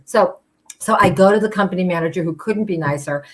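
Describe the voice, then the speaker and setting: A woman's voice: on the low side, a little fast. A woman telling a personal story at a live storytelling show, chatty and full of fillers, acting out the voices of the people she quotes.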